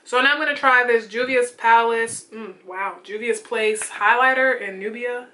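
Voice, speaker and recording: Bright-voiced chatty young woman vlogger. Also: on the high side, normal speed. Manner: chatty and excitable, with slangy asides. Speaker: beauty vlogger. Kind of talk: casual get-ready-with-me chat. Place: home, doing makeup.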